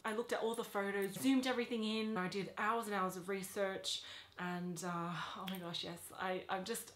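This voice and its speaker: A young woman hosting an unboxing vlog, talking in a gushing, nervous, excited way. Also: a little high, roomy sound, a little hiss or hum. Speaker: vlogger.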